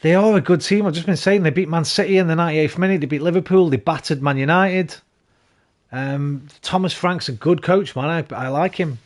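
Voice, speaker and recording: A man's voice: a little high, fairly quick. A tired man chatting and rambling casually to his viewers while streaming a game. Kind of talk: casual live-stream chat while gaming.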